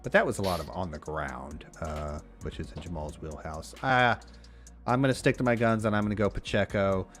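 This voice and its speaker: A man's voice: low-pitched, a little fast, fairly bright tone, soft background music. A man co-hosting a podcast in casual chat, blunt, swearing casually and laughing often. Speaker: podcast co-host.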